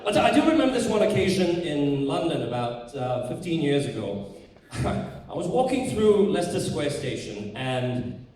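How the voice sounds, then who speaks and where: A man doing a stand-up comedy routine on a theater stage, telling a story with lively delivery, acting out other voices and swearing. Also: fairly high pitch, normal speed. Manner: animated, acts out voices, swears. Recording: echoey hall from far off, audience noise. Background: audience laughter.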